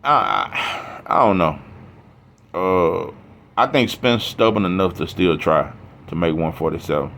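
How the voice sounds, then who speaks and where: A man's voice: sits low, measured pace, creaky, fairly bright tone, slight background noise. A man talking boxing in a casual, heated, profane rant, rambling with restarts. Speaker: boxing commentator.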